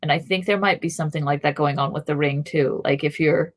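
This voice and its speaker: A woman's voice: sits low, fairly even intonation, brisk. A young adult woman co-hosting a podcast, chatting casually and thinking aloud with fillers and restarts. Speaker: podcast co-host. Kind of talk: casual chat.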